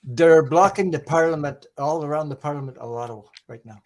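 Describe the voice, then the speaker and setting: A man's voice: a little high, a little fast. A man hosting a tarot livestream, talking casually and bluntly on a video call, with mild cursing, repetitions and trailing sentences. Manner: blunt, mildly profane, trailing off and repeating himself. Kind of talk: casual group chat.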